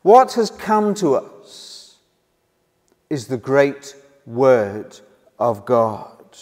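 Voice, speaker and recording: In a church hall with a reverberant sound, a Welsh man delivers a sermon in a very animated, medium-pitched voice with a darkish tone. His delivery is slow and earnest, pressing hard on key words with emphasis that rises and falls.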